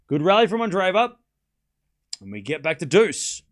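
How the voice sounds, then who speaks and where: A man's voice: high voice, very animated, normal speed, pauses often. A young Australian man giving casual live tennis commentary on a stream, chatting with his viewers and laughing often. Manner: chatty, reads chat aloud, laughs often.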